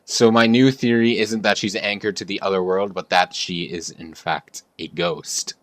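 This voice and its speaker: A man's voice: sits low, fairly even intonation, moderate pace, fairly bright tone, no room sound. A man hosting a let's-play, musing aloud with theories as he plays. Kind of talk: casual gameplay commentary.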